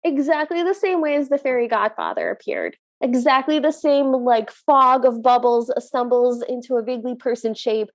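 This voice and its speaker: A woman co-hosting a podcast, recapping a movie in casual chat and acting out the characters' lines with animated energy. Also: high voice, moderate pace, few pauses. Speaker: podcast co-host.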